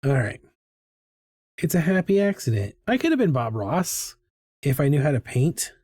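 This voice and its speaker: A man's voice: fairly high pitch, sing-song, moderate pace, a little mellow, slightly rough, no echo, studio quality. A middle-aged man hosting a live drawing stream, chatting casually and rambling with self-mocking asides as he draws. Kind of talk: casual chat while drawing. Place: home art studio.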